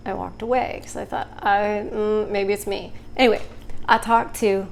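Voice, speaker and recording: A young adult woman vlogging, telling a personal story in a casual, animated way and acting out other people's lines. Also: medium pitch, normal speed, vocal fry, a little hiss or hum.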